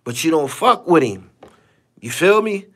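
A man's voice: a little high, big pitch swings, measured pace, fairly bright tone. A man hosting a live stream, talking bluntly and profanely and repeating himself for emphasis. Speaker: podcast host. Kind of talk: casual live-stream commentary.

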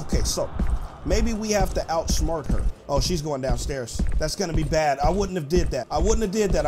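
A man giving excited, playful gameplay commentary as a gaming YouTuber, teasing and laughing often. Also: on the high side.

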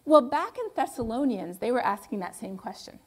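A woman delivering a public lecture in a fairly high voice. She is conversational and emphatic, and she keeps posing rhetorical questions and then answering them herself. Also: animated, a little fast, breathy edge. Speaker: guest lecturer.

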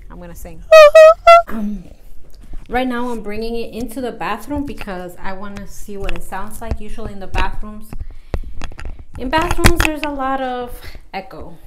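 A woman vlogger casually chatting while she tests a lapel microphone, giggling and filling pauses with loose fillers. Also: medium pitch, very noisy. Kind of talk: casual product-test vlog.

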